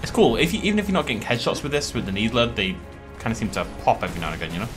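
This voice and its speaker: A man's voice: medium pitch, very animated, rapid-fire, music in the background. A British man hosting a let's play, chatting casually and animatedly as he plays and often laughing at himself. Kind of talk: casual gaming commentary.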